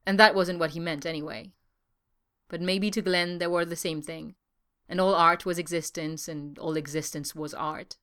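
A woman reading a story aloud in an even, measured way. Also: lowish voice, clean tone. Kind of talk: audiobook narration.

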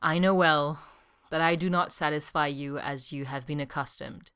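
A woman voicing a quiet, brooding grown man with a hoarse voice who speaks slowly and softly. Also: deep voice, fairly even intonation. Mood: subdued. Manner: slow, quiet and subdued. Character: adult man, quiet and brooding, wounded soldier.

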